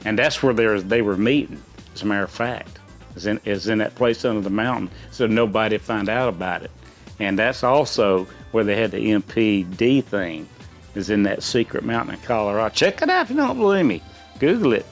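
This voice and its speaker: A man's voice: on the low side, normal speed, faint music behind. A middle-aged man, a dad hosting a trivia chat, answering in rambling, folksy explanations. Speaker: quiz host, a gamer's dad answering questions. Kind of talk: casual chat.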